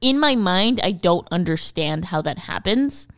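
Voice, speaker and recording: A woman's voice: on the low side, animated, a little slow, fairly bright tone, dry recording, studio quality. A woman co-hosting a podcast in casual chat, playful and jokey, rambling through her points. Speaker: podcast co-host.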